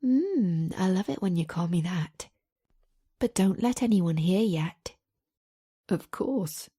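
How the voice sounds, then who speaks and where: Mellow-voiced woman narrating an audiobook. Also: lowish voice, lively intonation, unhurried, husky. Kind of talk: first-person audiobook narration.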